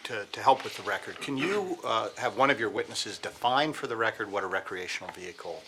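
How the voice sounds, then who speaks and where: A man presiding over a public hearing, speaking in a procedural, measured way. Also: on the low side, lively intonation, noisy background. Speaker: hearing officer.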